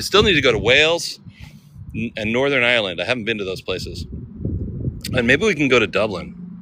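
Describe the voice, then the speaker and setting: An American man in a casual, rambling travel vlog, chatting as he walks outdoors and laughing often. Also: fairly low pitch. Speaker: travel vlogger. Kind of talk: casual walking vlog chat. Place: outdoors on a city street. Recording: city street noise with traffic.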